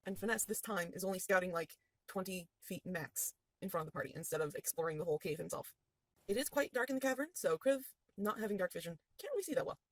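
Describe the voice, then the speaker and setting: A woman's voice: fairly low pitch, quick pace, no echo, rough recording. A woman as game master, recapping a tabletop game session with playful storytelling.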